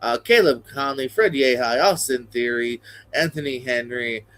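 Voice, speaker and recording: Male interview host, mid-pitched voice. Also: moderate pace, fairly bright tone. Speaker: podcast host. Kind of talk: interview questions.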